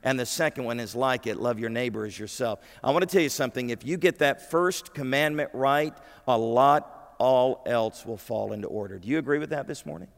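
A man's voice: medium pitch, a little fast, gravelly, in a large hall. A man preaching a sermon, emphatic and putting questions to his congregation. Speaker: pastor. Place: church sanctuary.

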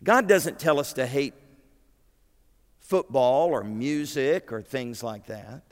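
A man's voice: mid-range voice, takes it slowly, in a large hall. A man preaching a sermon, emphatic and putting questions to his congregation. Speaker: pastor. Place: church sanctuary.

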